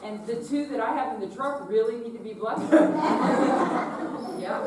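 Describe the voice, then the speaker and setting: A woman leading a children's message in church, gently asking the children questions. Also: a little high, measured pace. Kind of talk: children's sermon. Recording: echoey room, far from mic, noisy.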